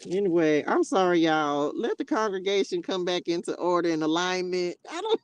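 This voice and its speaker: In a clean tone, a woman with a lowish voice talks at normal speed, hosting a casual livestream via a tablet mic. She speaks expressively and chattily, calls her viewers baby and child, and has bursts of laughter.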